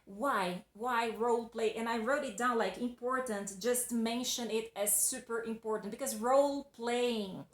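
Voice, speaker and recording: A woman's voice: fairly high pitch, unhurried, hardly any pauses, roomy sound. A Brazilian woman with a Portuguese accent, a native Portuguese speaker, giving an emphatic, casual English lesson as a teacher. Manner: emphatic and loud.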